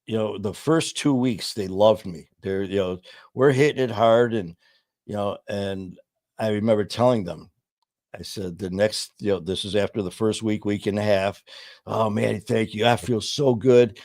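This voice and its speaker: Here a middle-aged man runs a live stream, spinning loose, casual stories peppered with "uh" and "you know." His lowish, slightly mellow voice moves at a normal speed. Captured on a studio mic in a home studio, the audio is dry and studio quality.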